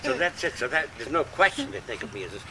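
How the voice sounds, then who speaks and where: Lively older storyteller man on home video. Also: mid-range voice, quick pace, crowd noise. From United States. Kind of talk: casual anecdote in a home visit. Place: house in a city neighborhood. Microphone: camcorder mic. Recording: noisy home video with street sounds.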